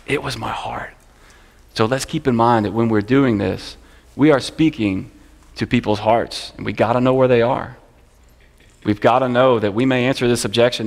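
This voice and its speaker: A man's voice: mid-range voice, fairly quick. A man teaching a church class, speaking in an earnest, conversational way and often repeating phrases. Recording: long church hall reverb.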